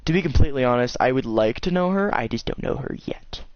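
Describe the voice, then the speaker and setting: A man chatting over his game stream in a mid-pitched voice, joking around and insisting again and again that he is not kidding. The sound is dull and lo-fi, like a headset mic on a voice chat. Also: lively intonation, fast, dry recording. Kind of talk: casual chat over gameplay.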